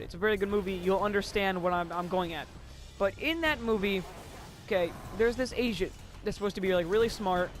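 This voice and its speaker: A teenage boy tells a school story in loose, rambling chat. His voice sits high, and he giggles and curses casually as he goes. A faint hiss runs under the recording. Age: teens.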